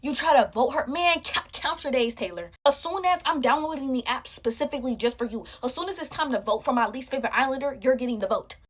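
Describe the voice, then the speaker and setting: A woman's voice: high voice, fast talker, few pauses. Chatty young woman, slangy storytime. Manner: chatty and animated, slangy, talks to viewers as y'all. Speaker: storytime creator. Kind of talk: casual storytime chat while making slime.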